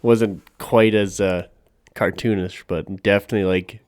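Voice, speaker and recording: A man's voice: fairly low pitch, fairly even intonation, measured pace, a little mellow, slight background noise. A man co-hosting a podcast in casual chat, laid-back and profane, laughing often. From Canada. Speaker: podcast co-host.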